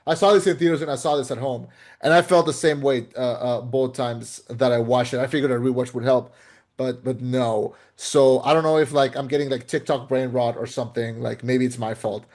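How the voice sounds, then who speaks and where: A man co-hosting a movie review podcast, speaking in a measured, hesitant way with many fillers. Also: mid-range voice, steady tone, a little mellow. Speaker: podcast co-host. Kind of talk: casual movie review chat.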